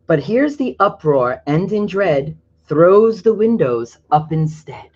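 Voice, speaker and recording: Slow storybook reader explaining pictures. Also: mid-range voice, sing-song, darkish tone, muffled recording. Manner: pauses to explain pictures in a chatty aside. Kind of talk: reading a picture book aloud.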